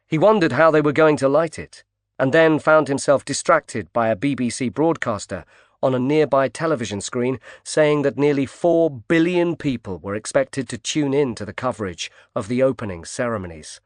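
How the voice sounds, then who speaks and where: A man narrating a thriller audiobook in a steady, measured read. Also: mid-range voice, dry recording. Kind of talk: scripted narration. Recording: dry close studio sound.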